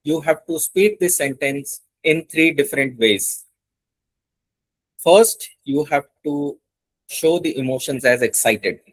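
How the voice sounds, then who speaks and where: A man's voice: on the high side, slow, dry recording, rough recording. A man with an Indian English accent teaching an online class, explaining step by step and repeating key points. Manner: instructive, repeats points for emphasis. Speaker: internship instructor. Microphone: video call.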